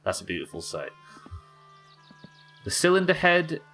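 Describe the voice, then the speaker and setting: A man's voice: on the high side, wildly swooping pitch, unhurried, sharp tone, soft background music. A man from England, streaming a game live and thinking aloud as he chats with viewers. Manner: muttering to himself, thinking aloud. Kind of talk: live gameplay commentary.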